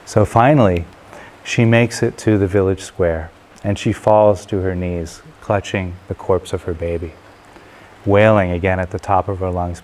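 A man telling a traditional parable in a relaxed, unhurried way, with occasional filler pauses. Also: low-pitched, slight background noise. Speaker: storyteller. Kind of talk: spoken parable storytelling.

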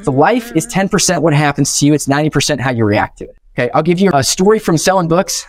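A man's voice: fairly high pitch, fast talker, music in the background. A young man giving a motivational keynote, telling stories with energy and acting out the dialogue. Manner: energetic, animated, acts out quoted dialogue. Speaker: keynote speaker.

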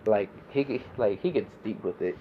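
A man's voice: on the low side, moderate pace, narrow, tinny audio, a little hiss or hum. A young man hosting a casual monologue podcast, laid-back and rambling, swearing freely. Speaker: podcast host.

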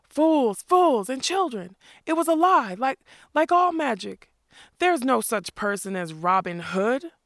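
Pompous, nervous outlaw captain read by a woman, raised pitch, dry close sound. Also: normal speed, vocal fry, a bit bright, clean tone, no echo. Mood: furious. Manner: lecturing, nervous bluster. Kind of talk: audiobook character voice.

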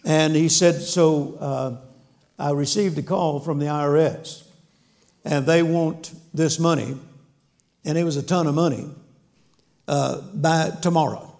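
A man's voice: a little high, fairly even intonation, measured pace, vocal fry, long pauses, a little mellow. A man preaching a sermon, telling a story with folksy humor and acting out the dialogue. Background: audience laughter.

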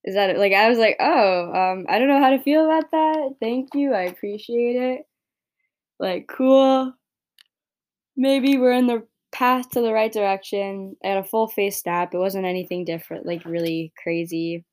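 Young woman rambling on her podcast, lots of like and right, swears a bunch, gets loud when annoyed, mid pitch voice. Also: moderate pace. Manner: gets heated and louder when frustrated. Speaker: podcast host. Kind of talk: casual monologue.

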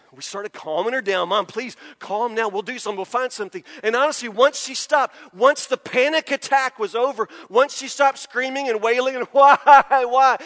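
Man pastor with a very high voice, dramatic sermon storytelling, long hall reverb. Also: pushed and bright.

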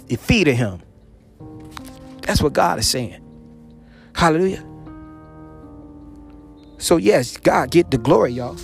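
A man with a fairly high voice preaches with fervor, repeating phrases and calling out hallelujah again and again. He swings between ringing calls and low, hushed murmurs. Soft music plays faintly behind him. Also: vocal fry. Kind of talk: sermon on scripture.

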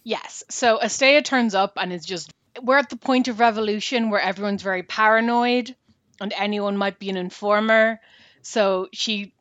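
A woman's voice: mid-range voice, a bit bright, dry recording. A woman co-hosting a casual book talk, retelling a story at length with fillers. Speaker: book podcast co-host.

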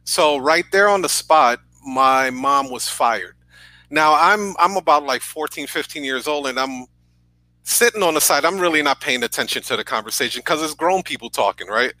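A man's voice: on the high side, lively intonation, normal speed, pushed and bright, no echo, poor audio. A man in his thirties from New York, a podcast guest earnestly telling a personal story over a video call, often checking in with "right?". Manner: earnest, tag questions with "right?".

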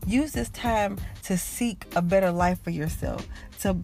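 A woman's voice: mid-range voice, measured pace, a little mellow, soft background music. A woman hosting a podcast, giving an encouraging faith talk in a preachy, repetitive way that speaks straight to listeners. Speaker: podcast host.

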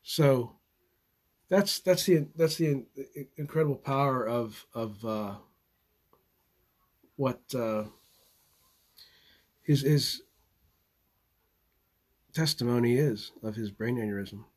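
Halting man talking live to his channel. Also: mid-range voice. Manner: halting, repeats words, chuckles often. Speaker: channel host. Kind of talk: casual live monologue.

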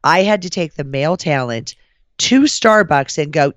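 A woman hosting a podcast, telling a story in casual chat, profane and animated, slipping into the voices of the people she quotes. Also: low-pitched, moderate pace, dry recording. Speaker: podcast host.

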